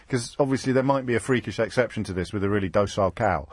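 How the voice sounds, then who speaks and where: A man hosting a radio phone-in, bantering quickly with callers and often cutting himself off mid-phrase. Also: medium pitch, dry recording. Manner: quick, teasing, self-interrupting. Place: radio studio. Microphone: studio microphone.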